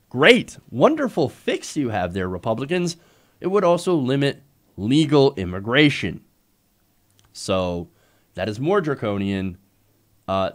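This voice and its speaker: A man's voice: medium pitch, a bit bright. A man giving opinionated political commentary in a sarcastic, mocking way.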